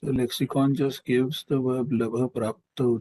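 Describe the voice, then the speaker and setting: A man answering questions in a live online lecture, in a measured, explanatory way and using technical Sanskrit terms. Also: medium pitch, little pitch movement, dark tone, a little hiss or hum, poor audio.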